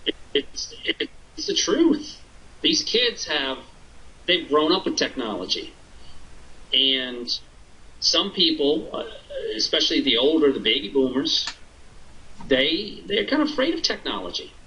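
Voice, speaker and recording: A woman's voice: low-pitched, very animated, unhurried, pauses often, sharp tone. A woman co-hosting a live webcast, chatting agreeably. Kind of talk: casual live webcast talk. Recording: muffled lo-fi audio.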